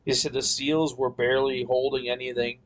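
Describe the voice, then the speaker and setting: A man tells a long story in a casual chat, rambling and cursing and restarting his sentences. His voice sits at an ordinary middle pitch. A faint hiss of background noise runs under the recording. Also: little pitch movement, brisk, rough recording. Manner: rambling, profane, frequent restarts. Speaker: podcast guest.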